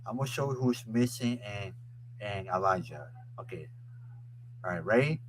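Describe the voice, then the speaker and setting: A man hosting a casual live stream who keeps restarting and repeating his phrases and breaks into loud, excited sports chants. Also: fairly low pitch, normal speed, a little hiss or hum, rough recording. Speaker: host of a live web show.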